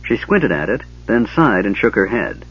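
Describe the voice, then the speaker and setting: Brief: low-voiced male narrator, husky, steady storytelling, dull lo-fi recording. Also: moderate pace. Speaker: audiobook narrator. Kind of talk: audiobook narration.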